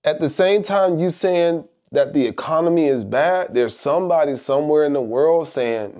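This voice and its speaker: A man's voice: on the high side, animated, moderate pace, few pauses, mellow. Emphatic man giving a motivational talk. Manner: emphatic, rhetorical, repeats phrases for effect. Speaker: motivational speaker. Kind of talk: motivational monologue.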